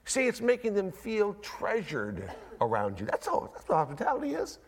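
A man preaching a sermon to a church congregation, emphatic and repetitive, moving between soft, low asides and loud, high declarations. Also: wildly swooping pitch, normal speed. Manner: emphatic preaching with repetition and rising, falling pitch. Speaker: pastor. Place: church sanctuary.

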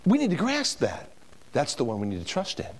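A man's voice: fairly high pitch, huge pitch swings, a little fast. A man preaching a sermon to a congregation, emphatic, with rhetorical questions to the room. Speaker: pastor. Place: church before a congregation.

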